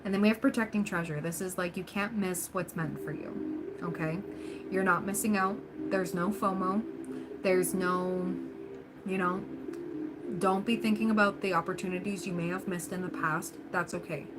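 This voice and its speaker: A woman's voice: lowish voice, steady tone, normal speed, heavy background noise. A woman hosting a tarot reading livestream, talking casually and encouragingly to her viewers with lots of fillers. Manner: chatty, encouraging, frequent laughs and fillers. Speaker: tarot reader livestream host.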